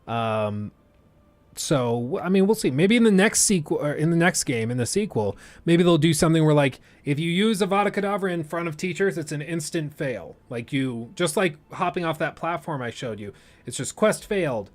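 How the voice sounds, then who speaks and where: A man's voice: fairly high pitch, lively intonation, normal speed, dry recording. A young man streaming and chatting casually, thinking aloud with plenty of fillers and restarts. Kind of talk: casual livestream chat.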